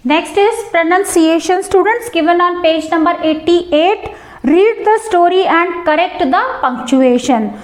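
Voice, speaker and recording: Slow, high-voiced woman teacher. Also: reverberant. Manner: slow, explanatory, addresses students repeatedly. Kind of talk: textbook lesson explanation.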